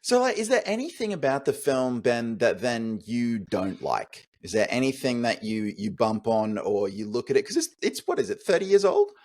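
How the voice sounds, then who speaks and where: A man's voice: medium pitch, very animated, moderate pace, few pauses, darkish tone. A young man co-hosting a film podcast, talking eagerly and with hedges, putting questions to his co-host. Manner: enthusiastic, hedging, asks questions. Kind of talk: casual film chat.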